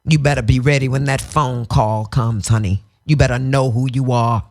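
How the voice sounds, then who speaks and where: A woman's voice: rumbling low, fairly even intonation, normal speed, darkish tone. A woman guest in a radio studio interview, telling stories candidly in a theatrical, profane way and breaking into sung phrases.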